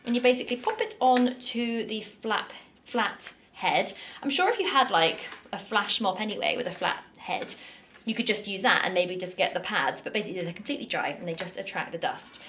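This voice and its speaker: A woman's voice: medium pitch, animated, brisk, a bit bright. A young British woman chatting casually while she cleans an office, often drifting into tangents, recorded on a camera set down in the room. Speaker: cleaning vlogger. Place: office building indoors. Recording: echoey room with faint noise.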